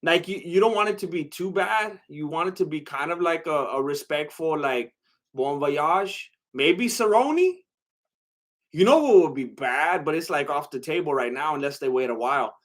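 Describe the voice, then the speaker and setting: Rambling, hesitant man on a livestream. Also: on the high side. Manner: rambling and hesitant, many fillers and restarts. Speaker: livestream host reading chat. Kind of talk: casual livestream chat.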